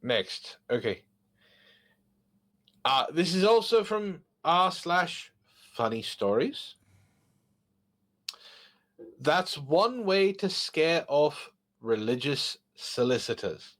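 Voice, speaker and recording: A man hosting a casual podcast, reading funny online stories aloud and joking about them with animated asides. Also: on the high side, takes it slowly, pauses often. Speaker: podcast host.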